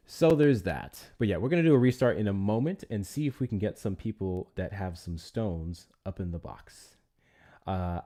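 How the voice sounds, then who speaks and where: A man with a deep voice hosts a casual livestream and talks straight to his viewers. He rambles loosely, drops swear words, and moves from one thought to the next without much plan. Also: mellow. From United States. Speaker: livestream host.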